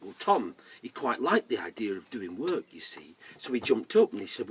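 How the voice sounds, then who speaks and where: A man telling a folk tale to children in a lively way, inviting the listeners to join in. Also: mid-range voice, brisk, few pauses, distant mic, slight background noise. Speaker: storyteller. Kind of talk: oral storytelling for children.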